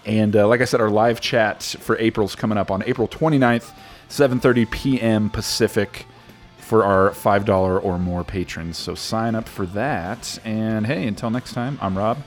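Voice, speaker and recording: A man's voice: lowish voice, moderate pace, faint music behind. A man hosting a podcast in a casual, easygoing way, often chuckling and using fillers. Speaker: podcast host.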